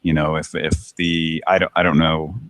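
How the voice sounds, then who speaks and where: A man's voice: extremely low pitch, level tone, moderate pace, fairly bright tone, no room sound. A man hosting a casual call-in chat show, rambling, correcting himself and swearing. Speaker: host. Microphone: internet call.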